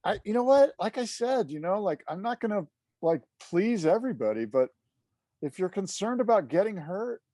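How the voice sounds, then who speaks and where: A man co-hosting a podcast in casual chat, talking in an animated, rambling way with lots of fillers. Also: high voice, moderate pace, dry recording. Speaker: podcast co-host.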